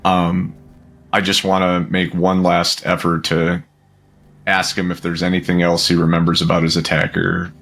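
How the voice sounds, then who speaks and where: A man's voice: sits low, completely flat delivery, normal speed, a bit bright. A man playing a tabletop game, speaking hesitantly. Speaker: player.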